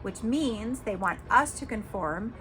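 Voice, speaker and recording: On her own podcast, this host offers viewers blunt tough-love advice in a casual, emphatic way, now and then swearing. Her medium-pitched voice is animated, a bit bright, and a little slow.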